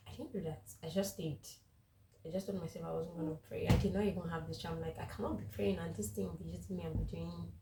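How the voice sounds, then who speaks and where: A woman's voice: low-pitched, warm tone, roomy sound, recorded from a distance, slight background noise, rough recording. A woman with a cold sharing her recent weeks in a candid, rambling vlog, laughing often. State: congested with a cold. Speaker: faith vlogger. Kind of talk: casual personal vlog.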